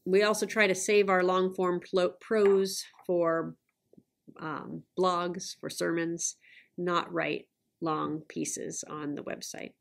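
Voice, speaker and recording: A woman with a somewhat low voice talks through slides in a recorded lesson. She explains step by step in a measured, even-handed way, now and then correcting a word as she goes. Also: vocal fry. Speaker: online course presenter. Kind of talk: recorded lecture over slides.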